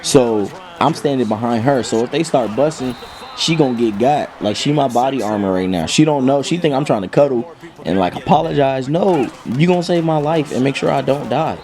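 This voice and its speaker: A young man from Kentucky hosting a gaming channel, telling a comic story in slangy, jokey, animated speech. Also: mid-range voice, fairly quick. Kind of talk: comic story time over gameplay.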